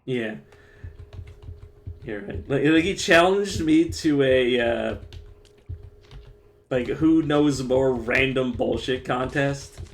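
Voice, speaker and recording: A young man rambles through a casual live-stream chat in a mid-pitched voice. His talk is loose and profane, full of restarts and fillers. He speaks into a desk mic. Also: slow, pauses often.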